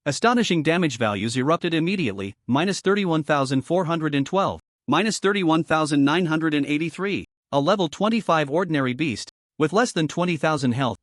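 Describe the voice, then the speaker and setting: A man's voice: on the high side, no room sound, clean studio sound. A man narrating a comic story recap in a scripted reading.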